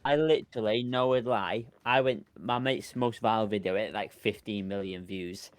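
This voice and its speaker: Podcast host guy, low voice, smooth and clean, dry close sound, rambly. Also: normal speed, dry recording. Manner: chatty, rambling storyteller. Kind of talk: casual podcast chat.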